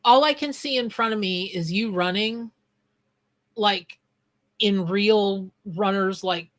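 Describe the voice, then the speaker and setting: A woman's voice: mid-range voice, slow pace, fairly bright tone. A woman who reads tarot on a live stream. She chats in a loose, scattered way and breaks off mid-thought to greet viewers from the chat. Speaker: tarot reader and psychic. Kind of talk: live-stream reading with chat shout-outs.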